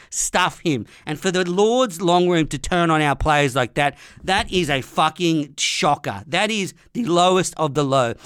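A man's voice: fairly high pitch, fairly bright tone, clear, resonant tone, no room sound, studio quality. An Australian man hosting a podcast, delivering an angry, profane comedic rant. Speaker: podcast host. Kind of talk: comedic ranting monologue.

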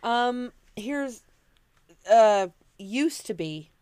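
A woman's voice: a little high, expressive, very slow, a little mellow, smooth, dry recording. A woman co-hosting a podcast in casual chat, telling rambling stories with many restarts. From Washington state. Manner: chatty storyteller, rambling with restarts. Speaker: podcast co-host.

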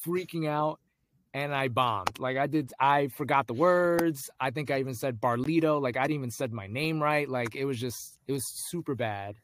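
Young man telling a lively story. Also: mid-range voice, normal speed, a little hiss or hum. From United States. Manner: animated, acts out voices in his anecdotes. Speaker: guest. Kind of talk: storytelling in casual conversation.

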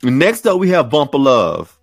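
A man's voice: mid-range voice, huge pitch swings, unhurried, dry recording, studio quality. A man co-hosting a podcast in casual chat, given to dramatic mock-angry rants. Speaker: podcast co-host.

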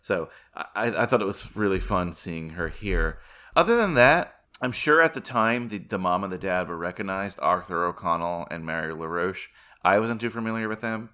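Bright-voiced laughing podcast man. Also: normal speed, smooth. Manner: animated, laughs often, acts out quotes in a higher voice. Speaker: podcast co-host. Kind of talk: casual film-review chat.

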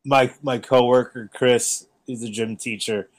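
Male guest, teacher, mid-pitched, swears freely, loves bad puns. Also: measured pace. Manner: animated storyteller, swears casually, loves puns. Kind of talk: casual podcast chat.

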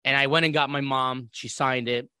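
A man's voice: medium pitch, moderate pace, clear, resonant tone, no echo, clean studio sound. A man from Iraq, a podcast guest, telling a story in casual conversation and acting out the voices of others. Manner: animated, acts out quoted voices. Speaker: interview guest.

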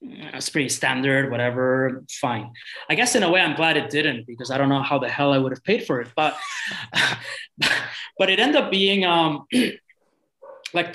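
Halting European man telling a story. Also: a little high, a bit bright, rough recording. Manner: halting, with many restarts and repeated words. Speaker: guest. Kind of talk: casual storytelling.

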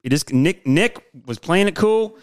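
A man's voice: on the high side, lively intonation, measured pace, smooth. Joking man co-hosting a podcast. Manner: joking, banters and riffs on stories. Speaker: podcast co-host. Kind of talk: casual sports podcast chat.

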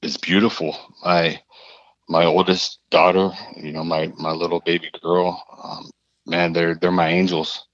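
A man, a podcast guest, telling a personal story in a halting, earnest way, often repeating his phrases. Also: low-pitched, little pitch movement, fairly bright tone, dry recording, highs cut off.

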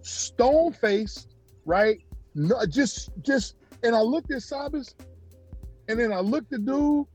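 Husky-voiced man telling a lively story. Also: takes it slowly, faint music behind. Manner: animated, jumps high in pitch when acting out people. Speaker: former pro basketball player, interview guest. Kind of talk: casual storytelling in an interview.

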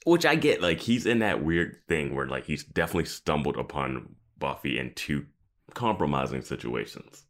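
A man's voice: extremely low pitch, sing-song, moderate pace, fairly bright tone. A man co-hosting a podcast, analyzing a show in loose, reflective chat. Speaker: podcast co-host.

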